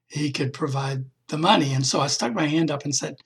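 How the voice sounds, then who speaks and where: A man shares a heartfelt testimony and preaches in an emphatic, devotional style for a podcast. His voice is gravelly with a strong fry. It sounds very husky and breathy throughout. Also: fairly high pitch, fairly quick. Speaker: podcast speaker.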